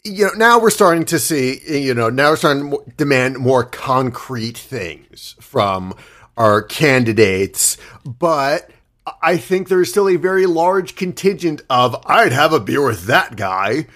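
A man's voice: a little high, a little slow, fairly bright tone. A man co-hosting a comedy podcast, riffing loosely with profanity and plenty of fillers. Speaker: podcast co-host acting as debate moderator. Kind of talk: casual comedy chat.

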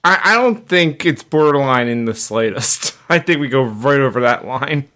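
A man's voice: medium pitch, expressive, moderate pace, pushed and bright. A man co-hosting a casual podcast, laughing and complaining in mock outrage. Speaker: podcast co-host.

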